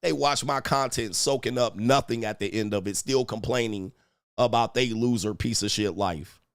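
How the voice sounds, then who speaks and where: A man's voice: medium pitch, moderate pace, clean tone, no echo, clean studio sound. A man hosting a live stream, delivering an angry, profane rant full of insults and scornful laughter.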